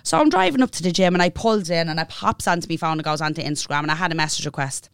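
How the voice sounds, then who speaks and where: A young Irish woman co-hosting a podcast, telling a story in a sweary, animated way and imitating the people in it. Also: deep voice, rapid-fire, clear, resonant tone, no echo. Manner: sweary, animated, playful impressions of others. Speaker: podcast co-host. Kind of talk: casual storytelling chat.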